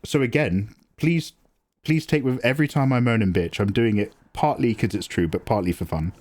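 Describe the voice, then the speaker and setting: A man in his forties chatting casually on a live drawing stream, animated and self-deprecating, swearing freely. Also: normal speed. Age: 40s. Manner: mocks others with squeaky high voices. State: tearing up, emotional. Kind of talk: casual livestream chat. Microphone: desk mic, no camera.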